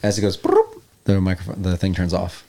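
A man's voice: sits low, little pitch movement, fast talker, gravelly, heavy background noise. A man running a comedic tabletop game as game master, playful and swearing casually.

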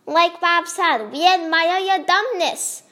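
A woman's voice: high-pitched, lively intonation, a little slow, voice pushed up. A woman voicing a brash boy bully with a put-on New Jersey accent.

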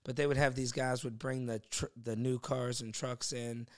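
A man's voice: mid-range voice, little pitch movement, normal speed. A young man, a podcast guest, telling a work story in casual chat, laughing often and acting out the other people's voices.

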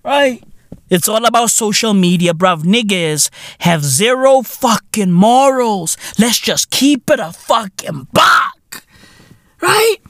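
A man in his thirties hosting a podcast, ranting loudly in a profane comedic style and peppering his lines with "right?" and "bruv". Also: high voice, big pitch swings, takes it slowly, no echo, clean studio sound. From South Africa. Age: 30s. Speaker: podcast host.

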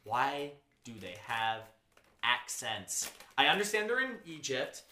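A man's voice: mid-range voice, very animated, slow, sharp tone, roomy sound, slight background noise. A man hosting a casual group chat about games, talking in a chatty way with many fillers. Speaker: podcast host.

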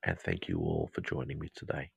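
A deep-voiced Australian man guides a meditation in a soft, husky half-whisper, his voice heavy with gravelly fry. He talks slowly and soothingly, close to the microphone in a dry, dead room. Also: big pitch swings, no room sound, poor audio. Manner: slow, soft and soothing, repeating mantras. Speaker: counsellor and podcast host. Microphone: close to the mic.

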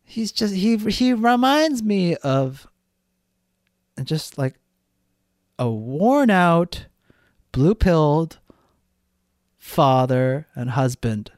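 A man's voice: on the high side, sing-song, very slow, pauses often, darkish tone, dry recording, studio quality. A man hosting a solo podcast, talking bluntly and ranting with frequent swearing. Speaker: podcast host.

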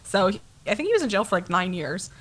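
A woman's voice: medium pitch, sing-song, fast. A woman co-hosting a casual true-crime podcast, chatty and giggly with lots of fillers. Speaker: podcast co-host.

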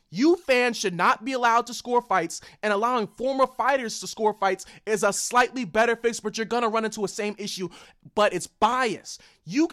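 A young man giving an angry, heated ranting commentary on combat sports, loud and repetitive. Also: sits high.

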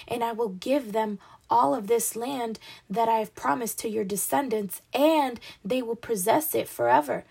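Her voice sits a little high, gravelly and slightly rough with a darkish tone. She reads scripture aloud casually, stumbling, saying sorry for the slips, and chuckling at her mistakes.

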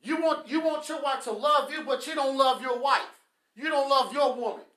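A man's voice: very high-pitched, moderate pace, bright, forceful tone. A man, hosting a podcast with a blunt, scolding motivational rant that mocks people with quacking. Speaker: podcast host. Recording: echoey room.

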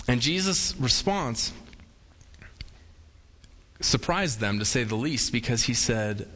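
A man's voice: mid-range voice, lively intonation, slow pace, pauses often, a bit bright. Man preaching in a reverberant hall. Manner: conversational, acts out quoted voices with humor. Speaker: pastor. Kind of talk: sermon.

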